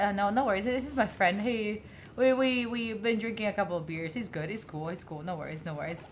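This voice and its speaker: Lively young Italian woman streaming a game. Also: medium pitch, fast talker, slight background noise. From Italy. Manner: chatty, talks to the game characters, excitable. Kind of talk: casual gaming stream commentary.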